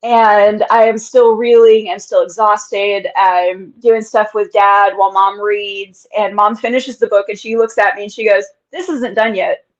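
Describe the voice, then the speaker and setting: A woman's voice: mid-range voice, little pitch movement, a little slow, hardly any pauses. Chatty woman author on a lo-fi call. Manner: chatty and candid, laughs often. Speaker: author guest. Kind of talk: casual interview chat. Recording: dull lo-fi sound.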